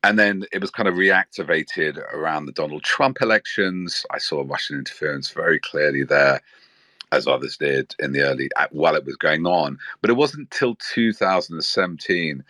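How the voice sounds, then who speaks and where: A man with a very deep yet forceful, bright-edged voice, talking about politics with earnest energy. He often stops mid-phrase and restarts. The recording is close and dry. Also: normal speed, no echo. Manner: earnest and animated, with frequent restarts. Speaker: political commentator. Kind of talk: spoken talk with stops and restarts.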